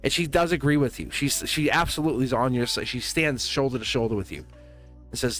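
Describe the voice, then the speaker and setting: A man's voice: medium pitch, brisk, fairly bright tone, soft background music. Earnest rambling male tarot reader. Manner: earnest, reassuring, rambling with restarts. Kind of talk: live tarot reading.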